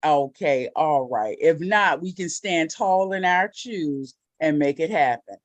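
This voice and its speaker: A woman's voice: animated, measured pace, no echo. A woman hosting a casual live-stream talk show, playful and sassy, joking with her co-hosts. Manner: playful, sassy, drops into a mock deep voice.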